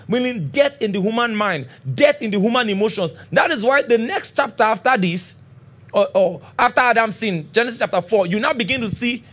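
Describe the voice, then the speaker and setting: A pastor delivers a sermon with a high, lively voice that leaps up and down in pitch. He keeps asking the congregation if they are with him, and slows right down to read scripture out word by word. He sounds middle-aged. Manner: preaching with frequent call-and-response checks; reads scripture slowly and deliberately.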